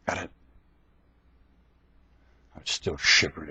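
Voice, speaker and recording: A man delivering a preachy ranting monologue into a webcam at home, jumping between shouted outbursts and low mutters and firing rhetorical questions at the listener. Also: slow, long pauses, slightly rough. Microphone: webcam microphone.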